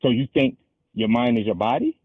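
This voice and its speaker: A man hosting a call-in show, arguing casually and slowing down to quote scripture. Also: medium pitch, animated, no room sound. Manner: argumentative, halting, restarts and slows to quote scripture. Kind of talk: casual debate. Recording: husky voice over a tinny phone-like line.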